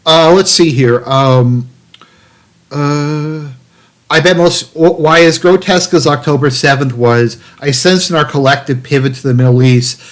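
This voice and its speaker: A man's voice: fairly high pitch, a little slow. Sarcastic man rambling on a livestream. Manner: sarcastic, rambling with many fillers and restarts. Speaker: political commentary streamer. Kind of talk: livestream commentary reading an article aloud.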